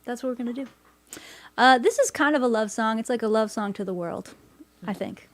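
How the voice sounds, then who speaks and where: A woman hosting her own livestream concert, chatting casually and wryly between songs, with quick quips and quiet asides. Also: fairly high pitch, lively intonation, dry recording. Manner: wry, joking, talks fast and drops to a quiet aside. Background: guitar playing.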